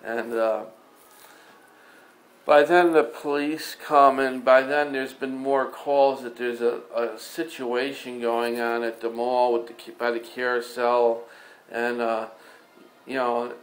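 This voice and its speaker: Male storyteller, mid pitch, casual rambling delivery, echoey room. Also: little pitch movement, takes it slowly. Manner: rambling, many fillers and restarts. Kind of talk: improvised spoken story. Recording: echoey room with faint ambience.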